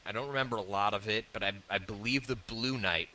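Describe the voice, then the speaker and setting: A man's voice: fairly low pitch, fast, sharp tone, slight background noise, rough recording. A man co-hosting, chiming in with dry jokes. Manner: dry joking asides. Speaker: podcast co-host. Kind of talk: casual chat.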